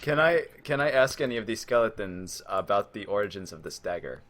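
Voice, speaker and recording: Low-voiced man gaming over noisy audio. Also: expressive, brisk. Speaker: player. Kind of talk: casual tabletop game play.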